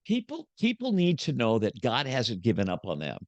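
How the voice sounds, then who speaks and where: A man's voice: mid-range voice, wildly swooping pitch, moderate pace, no room sound, highs cut off. A man in his seventies, a guest preacher, speaking with emphatic, sermon-like passion in a podcast conversation. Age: 70s. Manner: emphatic, preachy, swings loud to soft.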